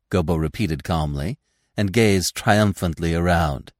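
A man narrating a classic animal story in an expressive, deliberate reading. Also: low-pitched, dry recording, studio quality. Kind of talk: scripted audiobook narration.

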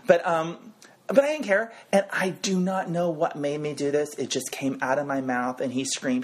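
A middle-aged man, an actor, telling animated stories as a guest in a casual podcast interview on a studio mic. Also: moderate pace, husky. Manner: animated, expressive storyteller who swings his pitch.

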